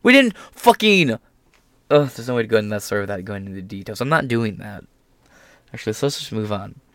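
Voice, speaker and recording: A man's voice: fairly low pitch, very animated, brisk, a bit bright, dry recording. A young man talking through a casual commentary vlog, sarcastic and mocking, swearing freely. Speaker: political commentator.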